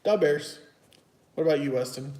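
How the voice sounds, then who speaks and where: Dude hosting football picks at home, kinda high voice, echoey room. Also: male voice, moderate pace, warm tone. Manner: chatty, teasing, loose and rambling. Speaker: host. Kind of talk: casual sports picks chat.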